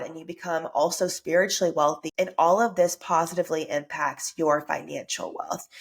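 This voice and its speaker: On her own motivational podcast, the low-voiced host speaks with cheerful earnestness, though she's clearly stuffed up and has a sore throat.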